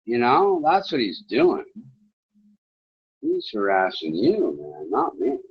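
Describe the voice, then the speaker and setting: A man hosting a rough livestream, cursing and berating viewers in the chat. His voice swings widely in pitch and he talks slowly. The stream audio is dull and lo-fi. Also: wildly swooping pitch. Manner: abrasive, swearing, yelling at chat. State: drinking beer. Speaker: livestream host reading chat. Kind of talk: profane livestream rant.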